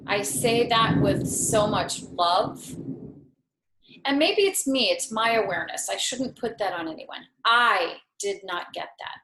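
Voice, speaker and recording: A woman in her fifties, a yoga teacher appearing as a talk-show guest, tells a personal story earnestly and reflectively, with a touch of self-mockery. Her medium-pitched voice is animated, a little slow, and fairly bright. The room has a noticeable echo.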